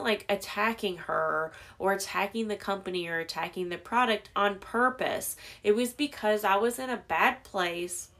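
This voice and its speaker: A woman's voice: mid-range voice, a bit bright. A young adult woman hosting a podcast alone, talking candidly and reflecting on herself in a casual, conversational way with many fillers. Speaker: podcast host. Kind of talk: casual solo podcast monologue.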